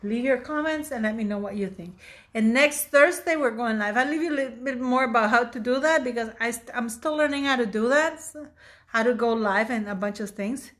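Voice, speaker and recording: A woman's voice: on the high side, a little fast, fairly bright tone. A woman in her fifties hosting her own channel, giving blunt, indignant opinion commentary with emphatic delivery. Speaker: channel host.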